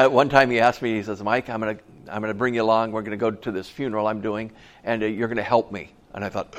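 Conversational man preaching a sermon. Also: fairly low pitch. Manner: conversational, asks the audience questions. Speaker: pastor. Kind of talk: sermon with personal stories.

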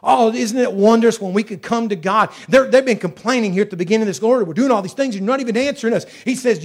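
A man with a high voice preaches a sermon. He drives his points home by repeating phrases. He drops to a hush, then climbs back up to a loud pitch. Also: fast, hardly any pauses. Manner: emphatic, repeats phrases, swings loud and soft.

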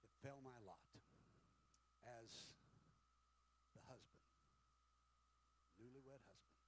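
A man preaching a sermon, telling a story with folksy humor, shifting between hushed and loud. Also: mid-range voice, slow pace, a little hiss or hum, rough recording. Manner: dramatic, swings from hushed to loud. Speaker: pastor.

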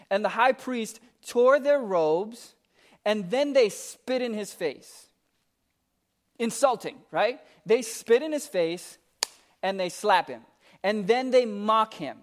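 High-voiced man preaching a sermon. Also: slow. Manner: reads scripture then explains it conversationally; animated, emphatic, with asides to the congregation. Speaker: pastor.

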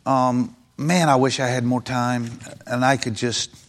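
A man's voice: medium pitch, level tone, a little slow. A man preaching a sermon in an earnest, conversational way, acting out short bits of dialogue. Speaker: pastor.

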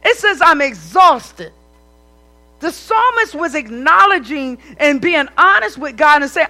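Woman preaching, high bright voice, emphatic and chatty with the congregation. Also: a little slow. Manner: animated, emphatic preaching with conversational asides. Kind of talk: sermon.

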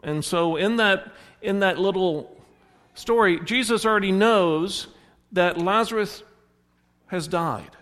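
A high-pitched, somewhat bright male voice takes its time as a pastor preaches and retells a story, performing the characters' quoted words. The room adds a long hall reverb.

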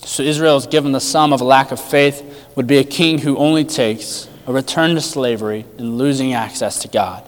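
A man preaching a sermon with emphatic rhetorical questions, his delivery swinging between loud and hushed. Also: medium pitch, a little fast, few pauses, long reverb tail. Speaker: pastor.

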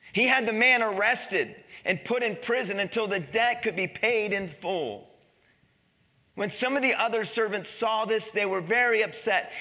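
A man's voice: high-pitched, bright, forceful tone. A man preaching a sermon in a conversational way, asking the congregation questions as he reads and explains a story. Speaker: pastor. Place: church sanctuary. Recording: long church reverb.

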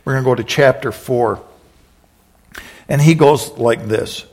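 A man preaching a sermon, retelling scripture in a lively storytelling way and acting out the voices. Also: medium pitch, measured pace. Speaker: pastor.

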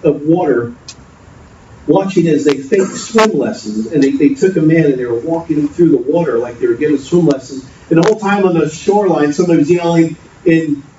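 A man's voice: on the high side, fairly quick, warm tone. A man preaching a sermon, earnest and storytelling, often repeating himself. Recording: distant, dull, noisy echoey hall.

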